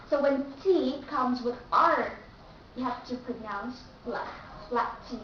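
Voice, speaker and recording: High-voiced woman with a Vietnamese accent. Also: fairly bright tone, a little hiss or hum. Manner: slow, careful, repeats example words. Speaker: English teacher. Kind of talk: video pronunciation lesson. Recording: echoey room, distant mic, dull sound.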